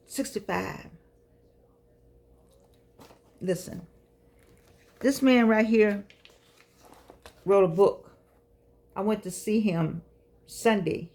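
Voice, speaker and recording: A woman's voice: mid-range voice, slow pace, creaky, long pauses, darkish tone. A woman, giving a chatty, emphatic motivational talk to camera. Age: 60s. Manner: chatty, preachy, folksy and emphatic. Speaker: vlogger speaking to seniors.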